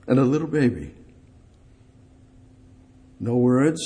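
With a medium-pitched voice and lively intonation, a male pastor preaches at a measured pace, pausing often. He addresses God directly, repeating short phrases and shifting between loud emphasis and soft hushes.

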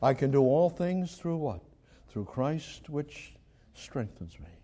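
An older man preaching a sermon with great feeling, swinging from loud, high passages to soft, quiet prayer. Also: big pitch swings, takes it slowly.

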